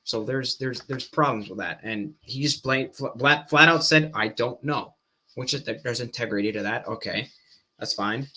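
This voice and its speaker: Male streamer reacting live, talking fast and cutting himself off, bright tone with faint hiss. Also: medium pitch. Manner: fast-talking, animated, self-interrupting. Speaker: stream host. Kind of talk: casual reaction commentary.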